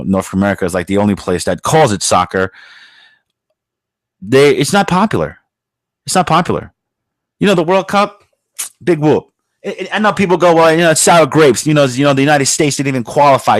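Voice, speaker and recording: A man's voice: medium pitch, no echo. A man hosting a podcast, giving a blunt, profane, rambling opinion monologue full of fillers and now and then mocking others in a raised put-on voice. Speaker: podcast host.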